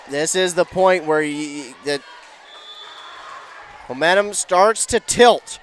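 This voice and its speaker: A man giving excitable play-by-play commentary on a high school volleyball match, shouting on big plays. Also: slow, long pauses, a crowd in the background, background noise.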